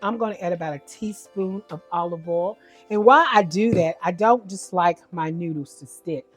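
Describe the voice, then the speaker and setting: Chatty home cook woman, lowish voice. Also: normal speed, breathy edge, soft background music. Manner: chatty, homey, corrects herself as she goes. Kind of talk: casual cooking demonstration.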